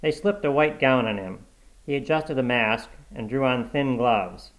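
A male narrator reads a short story in a calm, measured audiobook style. His voice sits at an ordinary middle pitch, and his storytelling stays even and unhurried. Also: rough recording.

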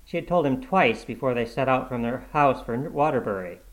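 A male narrator reads a short story in a calm, measured audiobook style. His voice sits at an ordinary middle pitch, and his storytelling stays even and unhurried. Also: low-quality recording.

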